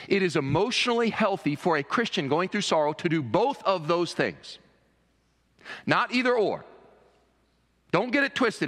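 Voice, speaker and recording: A man preaching a sermon as pastor, impassioned, often rising high for emphasis. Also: big pitch swings, a little fast, a bit bright. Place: church sanctuary. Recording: long reverb of a church hall.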